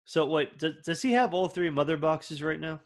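A man in a casual movie commentary with a somewhat high, lively voice. He cracks jokes and swears freely while chatting with friends. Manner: jokey, profane, quick to laugh. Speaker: podcast co-host.

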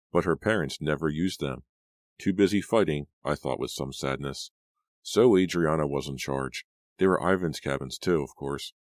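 A male audiobook narrator with a very deep voice, telling a story in first person with a measured delivery. The reading sounds close and dry, with no room echo.

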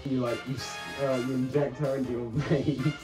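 A man's voice: mid-range voice, level tone, normal speed, darkish tone. A man co-hosting a casual chat, reading odd shop listings aloud in a joking, mocking way. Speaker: co-host. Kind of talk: casual chat while browsing a shopping site. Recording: distant mic with background music.

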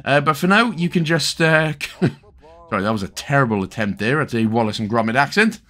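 A man's voice: mid-range voice, lively intonation, fairly quick, a bit bright. A young man with a Welsh accent talking through a game guide, chatty and joking with lots of asides. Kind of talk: casual gameplay commentary.

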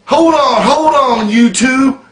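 A man putting on a high, loud, taunting voice to mock a smug atheist vlogger. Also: slow, echoey room, full character voice, poor audio.

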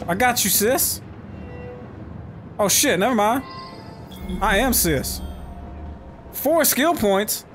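A man commentating his own gameplay, excitable and profane, often yelling at the game. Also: high voice, slow, long pauses, faint music behind. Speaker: let's play host.

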